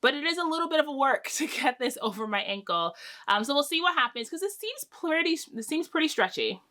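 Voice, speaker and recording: A woman's voice: high-pitched, very animated, a little fast, pushed and bright. A young woman hosting a knitting podcast, chatting casually to camera with lots of fillers and restarts.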